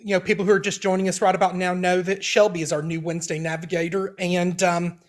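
A man co-hosting a podcast, explaining a trivia contest in casual chat, measured and hesitant with frequent ums. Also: high voice, little pitch movement. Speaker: podcast co-host running trivia.

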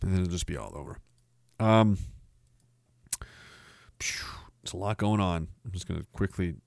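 A man's voice: low voice, moderate pace, gravelly, dry recording, studio quality. A man from Canada hosting a livestream podcast, ranting in a sarcastic, scornful way. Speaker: podcast host.

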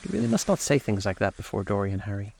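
A man reading aloud as a serious, anxious male painter who speaks gravely and pleads. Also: fairly low pitch, big pitch swings, quick pace, a little mellow, heavily acted.

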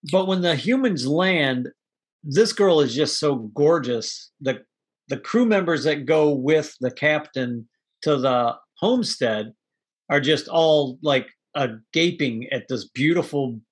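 A man chatting casually as a podcast co-host, animated, acting out lines from a film and laughing often. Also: a little high, slow, husky. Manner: animated storyteller, acts out movie quotes, laughs often. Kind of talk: casual chat.

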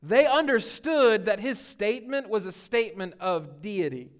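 High-voiced earnest preaching man. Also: animated, moderate pace. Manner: earnest preaching, swinging between emphatic and hushed. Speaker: pastor. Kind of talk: sermon on a Bible passage.

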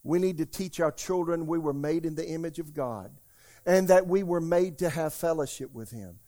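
Male pastor, high voice, emphatic sermon delivery, loud then quiet, calls to the congregation. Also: normal speed. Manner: emphatic preaching, asks the congregation "How many hear me?"; swings from loud declarations to quiet asides. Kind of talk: Easter Sunday sermon.

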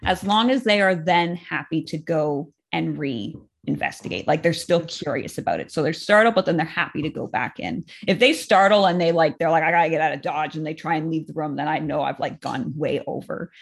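A woman with a notably low voice talks through her training methods in a relaxed, chatty way. She explains step by step and fills her sentences with casual "like"s. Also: moderate pace, creaky, slightly rough. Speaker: dog trainer, co-host.

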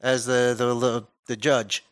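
A man's voice: medium pitch, level tone, a little slow, a bit bright, clean tone. A man co-hosting a podcast in casual chat, joking and playful, often laughing as he talks. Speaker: podcast co-host.

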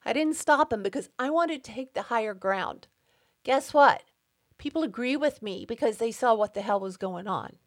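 A woman's voice: on the high side, lively intonation, moderate pace. A middle-aged woman hosting her own podcast, speaking an emphatic, indignant personal monologue and getting worked up as she talks. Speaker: podcast host.

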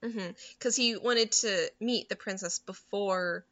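Chatting casually, a woman with a mid-range voice retells a movie scene by scene, quoting the characters quickly and animatedly as she goes. The recording's highs are cut off.

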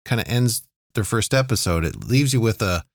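Man with a lively low voice. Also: moderate pace, no room sound, studio quality. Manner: hesitant, restarts often, conversational. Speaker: podcast co-host. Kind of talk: casual chat reviewing TV.

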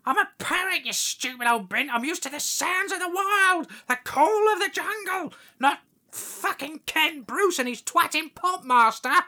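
A woman's voice: very high-pitched, animated, a little slow, pushed and bright, exaggerated voice. A woman voicing a foul-mouthed, cranky pet parrot in a comedy radio sketch, grumbling and swearing with scorn. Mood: disgusted.

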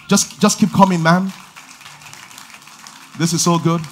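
A man preaching a lively sermon, shouting call-and-response lines and laughing between stories. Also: fairly high pitch, unhurried, long pauses. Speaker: pastor.

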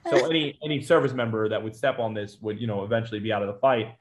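A man's voice: lowish voice, steady tone, quick pace, a crowd in the background. A man who served as a Marine, telling his own story in an interview, conversational and matter-of-fact with fillers and restarts.

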